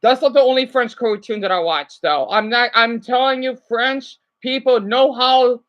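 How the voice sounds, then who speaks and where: Woman, live-streamer, casual rambling chat, excitable, fairly high pitch. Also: moderate pace, few pauses, highs cut off. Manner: chatty, rambling and excitable, with many fillers.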